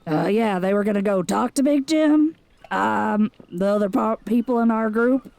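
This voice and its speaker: Brief: female player, mid-pitched everyday voice, relaxed table talk. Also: normal speed, vocal fry, dry recording. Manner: casual, laughs often. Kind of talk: casual tabletop game play.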